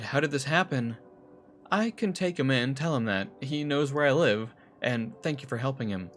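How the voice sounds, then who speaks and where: A man's voice: mid-range voice, a bit bright. Man doing a flustered woman on the phone. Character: anxious adult woman on the phone.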